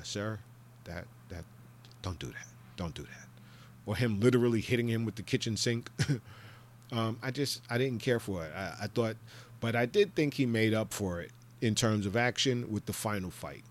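A man hosting a solo podcast, giving a rambling, jokey and profane rant of pop-culture commentary. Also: slight background noise. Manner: breaks into loud high-pitched impressions. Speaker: podcast host.

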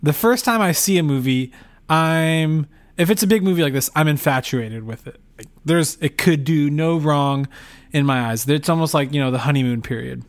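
A man chatting casually as a podcast co-host, telling a story with lively, animated delivery and mimicked voices. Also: fairly high pitch, normal speed. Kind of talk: casual chat.

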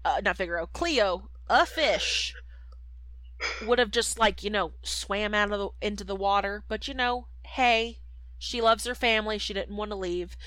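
A woman's voice: medium pitch, moderate pace, fairly bright tone, dry recording, rough recording. A woman co-hosting a podcast, casually retelling a film plot with lots of fillers. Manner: chatty, lots of fillers and voices. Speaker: podcast co-host. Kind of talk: casual movie recap.

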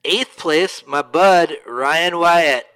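Guy co-hosting a podcast, kinda high and bright, laughs a lot, does all the voices when he tells a story. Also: very slow, clear, resonant tone, no echo. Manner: animated storyteller who acts out both sides of conversations; laughs often while talking. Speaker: podcast co-host. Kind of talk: casual chat, race recap.

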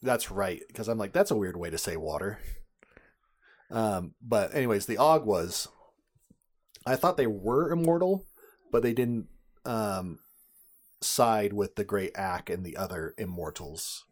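A man co-hosting a podcast in a relaxed, chatty way. His voice sits a little low, and he slips in dry, sarcastic asides as he walks through a story. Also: measured pace. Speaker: podcast co-host. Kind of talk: casual podcast chat.

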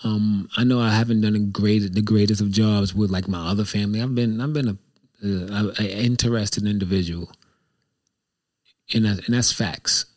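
A man's voice: lowish voice, fairly even intonation, moderate pace, darkish tone. A man hosting his own show, talking in a casual, reflective monologue that rambles and repeats itself candidly. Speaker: show host.

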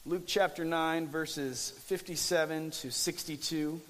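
A young male pastor talks through a scripture passage in a relaxed, joking way, often restarting his phrases. His voice sits a bit high for a man. It rings with the long reverb of a large church hall. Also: measured pace, a little hiss or hum. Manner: conversational, frequent restarts, jokey asides. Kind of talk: casual sermon.

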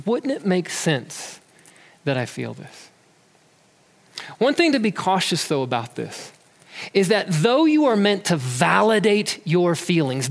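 A man giving an earnest, conversational talk about emotions who sometimes repeats words as he goes. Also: high voice. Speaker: speaker on emotions. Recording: long hall reverb.

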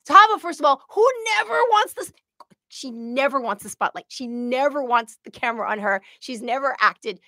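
Middle-aged woman, high voice, dry close sound, emotional chatty storyteller. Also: moderate pace, dry recording. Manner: emotional, animated storytelling with acted quotes. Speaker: podcast co-host. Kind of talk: casual chat.

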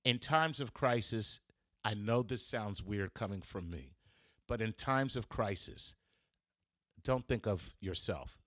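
Lively, joking male comedian. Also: on the low side, takes it slowly, no room sound, clean studio sound. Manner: animated, sarcastic and joking. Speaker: comedian and podcast host. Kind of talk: casual comedic monologue. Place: room at home.

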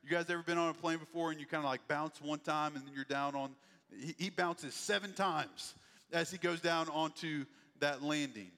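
A man delivers a sermon with an animated storyteller's flair, acting out the voices of the people in his story. His voice sits a little high for a man. It rings out with the long reverb of a large hall. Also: normal speed. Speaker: pastor.

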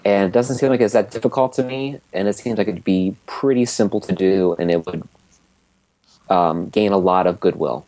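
Low-voiced relaxed male co-host. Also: normal speed. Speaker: podcast co-host. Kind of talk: casual live-stream chat.

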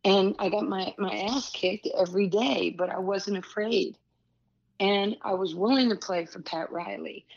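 A former pro basketball player and broadcaster in her sixties spins candid stories as an interview guest, pausing for asides and restarting her thoughts often. Her voice is mid-range and creaky, her pace measured, and the audio dull. She comes across as an animated storyteller.

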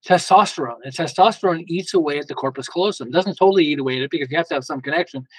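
A man speaking as a guest in an interview, an emphatic, lively storyteller who often restarts his sentences. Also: a little high, rapid-fire, breathy edge, no echo, low-quality recording. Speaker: guest author. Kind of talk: casual interview talk.

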